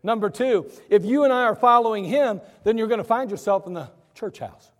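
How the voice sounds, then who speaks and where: A man preaching a sermon as pastor, animated, asking and answering his own questions. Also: high-pitched, a little fast, few pauses. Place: church sanctuary. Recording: echoey church hall.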